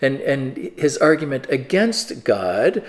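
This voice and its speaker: Casting: man preaching in a casual, halting teaching style, mid-pitched voice. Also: very animated. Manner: conversational, with fillers and repeated restarts. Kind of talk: discussion-starter sermon, reading scripture.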